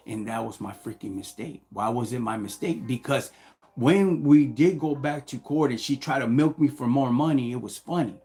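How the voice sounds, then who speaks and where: A gravelly-voiced middle-aged man on a live stream, telling a story in a casual way. He talks in street slang and acts out the dialogue. His pitch sits in an ordinary middle range. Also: moderate pace. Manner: animated, slang-heavy, quotes people in dialogue.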